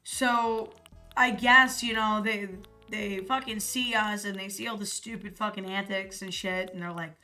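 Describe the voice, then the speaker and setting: A woman's voice: mid-range voice, fairly even intonation, normal speed, bright, forceful tone. A young American woman streaming, chatting casually in a rambling, profane way with lots of fillers. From United States. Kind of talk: casual live-stream chat. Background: faint music.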